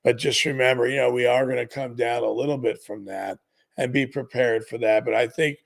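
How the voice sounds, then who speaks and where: Fifties male betting-show host with a gravelly, fry-edged voice, upbeat and direct with viewers. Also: medium pitch, fairly even intonation, brisk. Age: 50s. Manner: upbeat, repeatedly calls viewers "gurus". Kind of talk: live sports betting show. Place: studio.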